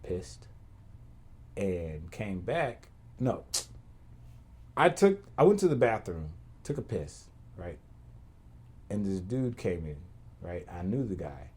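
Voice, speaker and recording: A deep-voiced man hosts a podcast, speaking slowly with long pauses and a breathy edge. He tells stories in an animated, casual rant full of profanity and slang, rambling and repeating himself as it loops back around.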